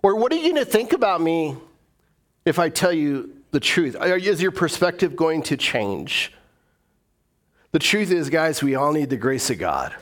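Middle-aged male pastor, fairly high voice, chatty joking sermon delivery. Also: sing-song, normal speed. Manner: conversational, joking, acts out inner voices. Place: church.

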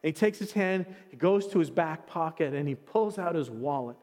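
High-voiced preacher in a reverberant hall. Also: male voice, lively intonation, moderate pace, darkish tone. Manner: earnest, emotional storytelling with repeated restarts. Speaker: pastor. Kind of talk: sermon with storytelling.

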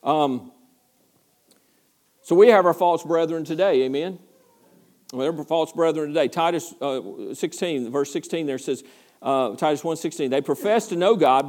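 Man, pastor, sermon, earnest, stumbling restarts, somewhat high pitch. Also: darkish tone. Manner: earnest, repetitive, stumbling restarts, rising to passion.

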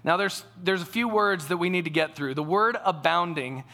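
A man's voice: high voice, moderate pace, pushed and bright. A man preaching a sermon to a congregation, telling a family story in a conversational way. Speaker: pastor.

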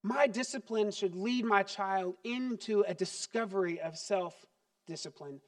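A man preaching a sermon as pastor, animated and acting out little scenes. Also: high-pitched, measured pace. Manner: animated, acts out parent and child voices.

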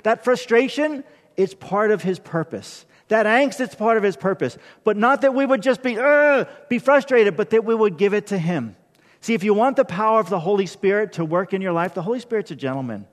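A man preaching as pastor, earnest and conversational, often checking in with "right?" before leading a closing prayer. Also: high-pitched. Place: church sanctuary. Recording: long hall reverb.

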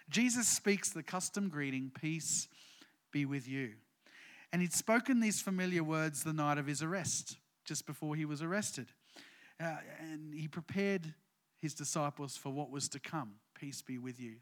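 A man's voice: on the high side, a bit bright. A man, preaching a sermon as pastor in a conversational way with many fillers, building to emphatic points.

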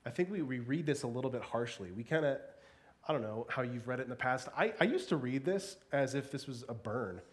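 A man giving a sermon in a conversational, animated way, with playful asides and frequent repeated words. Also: mid-range voice, brisk. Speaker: pastor.

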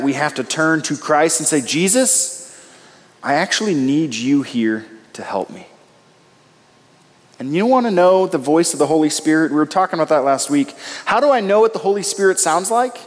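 Male pastor in his thirties, higher-pitched, emphatic preaching with swings in pitch, recorded in a reverberant hall. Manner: emphatic, rising and falling delivery. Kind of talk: sermon.

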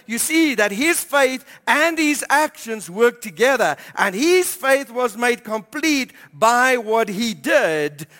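A man preaching as pastor, emphatic and repeating key phrases, slowing down to stress scripture. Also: sits high, pushed and bright, in a large hall. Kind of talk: sermon. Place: church hall.

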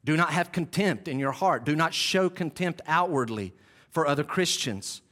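A fairly high, fairly bright male voice with lively intonation delivers a sermon at a moderate pace. The pastor stresses and repeats his main points in the church sanctuary while chatting with the congregation in self-deprecating asides.

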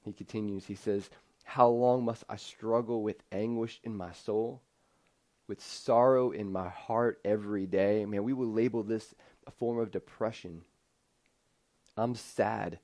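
A man's voice: lowish voice, fairly even intonation, measured pace, dark tone. Man preaching an earnest sermon. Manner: earnest, conversational preaching with restarts. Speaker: pastor.

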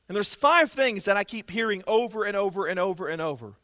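Bright-voiced, emphatic male pastor preaching. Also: sits high, normal speed, few pauses, no room sound, studio quality. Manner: emphatic, repetitive, conversational preaching. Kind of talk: sermon.

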